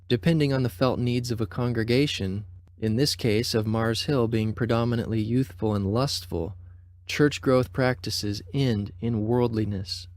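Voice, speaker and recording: A man narrating a scripted critical documentary in a measured way. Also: mid-range voice, dry recording.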